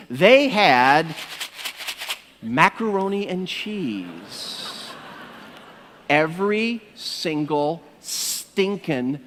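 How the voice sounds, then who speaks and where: A male pastor preaches in a high voice with animated storytelling, often turning to the congregation as his friends. His words carry a long reverb through a church sanctuary. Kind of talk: sermon.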